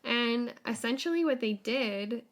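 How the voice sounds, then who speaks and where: A woman's voice: on the high side, expressive, measured pace. A woman co-hosting a podcast, chatting casually with lots of fillers as she relays her research. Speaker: podcast co-host. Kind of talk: casual conversational podcast chat.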